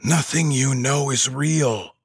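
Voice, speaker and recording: A man's voice: medium pitch, takes it slowly, creaky, slightly rough, no echo, clean studio sound, voice pushed up, full character voice. A man doing a frantic, paranoid stranger. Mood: urgent. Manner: urgent, hushed, strained.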